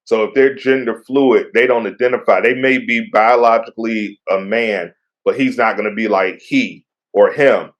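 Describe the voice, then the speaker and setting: A man's voice: fairly low pitch, fairly even intonation, normal speed, few pauses. A middle-aged man co-hosting a podcast, chatting in a laid-back, joking way and patiently explaining things. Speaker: podcast co-host. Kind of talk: casual chat.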